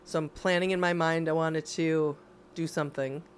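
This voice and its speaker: A middle-aged woman co-hosting a podcast in casual chat, reflective and encouraging with quick supportive replies. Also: low voice, fairly even intonation, a little hiss or hum. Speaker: podcast co-host.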